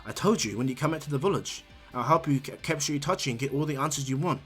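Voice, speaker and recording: A man's voice: fairly high pitch, fast, fairly bright tone, breathy edge, soft background music. A man voicing a cocky, overpowered teenage ninja boy who talks about huge feats offhandedly. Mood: earnest. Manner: breezy, offhand boasting.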